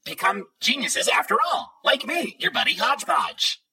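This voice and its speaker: A man's voice: high voice, big pitch swings, moderate pace, gravelly, pushed and bright, husky, recorded from a distance, voice pushed up, full character voice. A man voicing a smug, taunting male quiz-master robot in a tabletop game.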